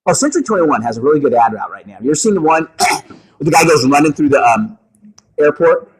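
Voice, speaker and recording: A man leading a meeting for real estate agents, coaching them in an energetic way and often checking in with the room. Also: on the high side, fast, husky, rough recording. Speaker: meeting leader at a realty office.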